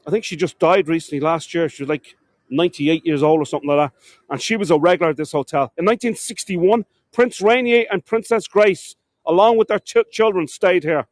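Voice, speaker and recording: Brisk and a little high-voiced, a man from Ireland leads a live city walking tour on foot, chatting to "folks" watching along. He often fumbles words and fixes them, and there's no room sound.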